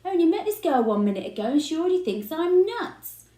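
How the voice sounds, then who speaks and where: A fed-up young boy blurts out indignant lines, as a woman reading a storybook voices him. The voice climbs and dips a lot and sounds soft and mellow, with the echo of a roomy space around it. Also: extremely high pitch, big pitch swings, quick pace, voice pushed up. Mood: awkward. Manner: loud, indignant outbursts. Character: angry fed-up twelve-year-old boy.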